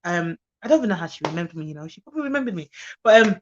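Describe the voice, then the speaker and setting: Talking rapid-fire in a lowish voice, a young nanny chats and laughs a lot on a live stream, lively and casual. The lo-fi stream audio is dull, with a little hiss or hum.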